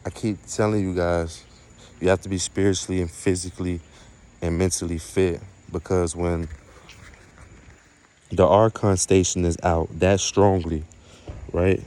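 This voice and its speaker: Man, low voice, quiet preachy outdoor night vlog, casual swearing. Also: flat delivery, a little slow, long pauses. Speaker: spiritual vlogger.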